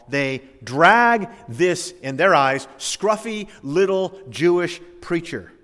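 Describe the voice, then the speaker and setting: A man preaching a sermon, reading scripture aloud and explaining it dramatically, swinging between loud emphasis and hushed asides. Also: fairly high pitch. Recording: long reverb of a large hall.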